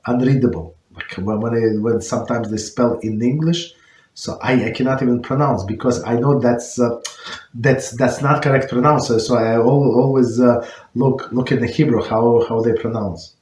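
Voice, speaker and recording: A man's voice: mid-range voice, fairly even intonation, normal speed, darkish tone. Just a rabbi guy explaining stuff, kinda searching for words, echoey room. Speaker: rabbi teaching an online class. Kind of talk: answering questions on religious law. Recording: roomy echo.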